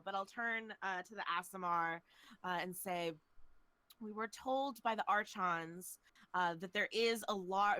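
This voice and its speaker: A woman's voice: medium pitch, bright, forceful tone, no room sound. A woman playing a tabletop game, giving her character's speeches earnestly and giggling in between. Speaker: player.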